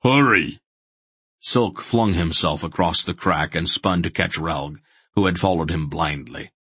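A man narrating a fantasy audiobook in a dramatic, measured storytelling manner. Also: low voice, fairly bright tone, husky, no echo.

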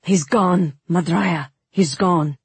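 A woman's voice: fairly low pitch, takes it slowly, husky, no echo, exaggerated voice. Woman playing a sardonic young prince. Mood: pleading. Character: sardonic young male prince, cool and commanding.

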